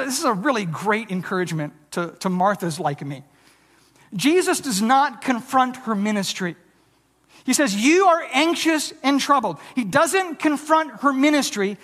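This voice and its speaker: An earnest preacher delivers a sermon, stumbling into quick restarts and acting out quoted lines with a changed voice. The voice rings out through a church sanctuary with a long, trailing reverb. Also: mid-range voice, big pitch swings, fairly bright tone. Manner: earnest, with frequent stammered restarts.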